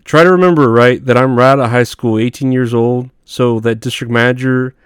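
A man spins loose, profanity-laced stories in an offhand monologue, laughing at his own punchlines. His voice comes across smooth and clean, with a dry, close sound and no room around it. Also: medium pitch, steady tone, a little fast, no room sound. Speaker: podcast host. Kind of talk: casual storytelling monologue.

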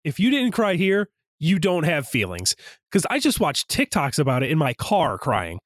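A young man co-hosting a casual podcast, excitedly retelling movie scenes and jumping into high voices for quotes. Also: normal speed, no echo, clean studio sound. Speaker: podcast co-host.

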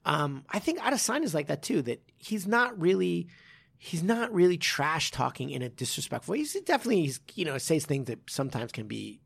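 A man's voice: fairly high pitch, sing-song, fairly quick, gravelly, fairly bright tone, husky. A man co-hosting a casual podcast as a martial arts coach, rambling with lots of restarts and laughing easily. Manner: rambling, many restarts and fillers, laughs often.

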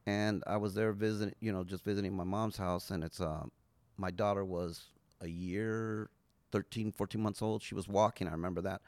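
A man's voice: low-pitched, steady tone, normal speed, a little mellow. A man from Venice, Los Angeles, telling a story as a guest on a casual podcast, laid-back and swearing easily.

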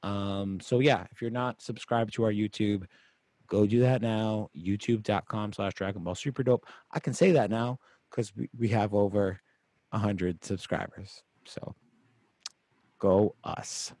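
A man hosting a podcast in a relaxed, rambling way, full of fillers. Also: on the low side, a little slow, no room sound. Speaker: podcast host. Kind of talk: casual podcast chat. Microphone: video call microphone.

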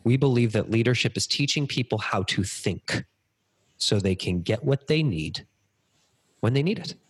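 A man in his thirties, a podcast guest, telling stories in an energetic conversational way. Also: medium pitch, normal speed, breathy edge. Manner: energetic, acts out quoted dialogue. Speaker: podcast guest, business speaker. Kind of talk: conversational storytelling interview.

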